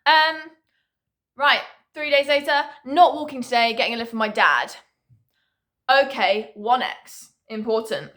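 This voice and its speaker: A young woman tells a story in a chatty, animated way, swearing freely and laughing often. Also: fairly high pitch, a little slow. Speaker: vlogger. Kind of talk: casual storytime monologue.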